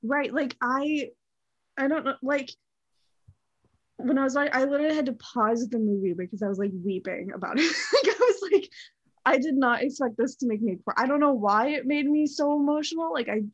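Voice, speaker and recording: Her high-pitched voice moves fairly quickly as she co-hosts a laid-back podcast, gushing and sprinkling "like" everywhere. The audio is dry, dull, and lo-fi.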